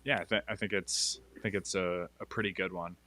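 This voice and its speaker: A man co-hosting a casual livestream chat, upbeat and quick to laugh, often restarting his sentences. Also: low-pitched, fairly even intonation, bright, forceful tone. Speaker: stream co-host.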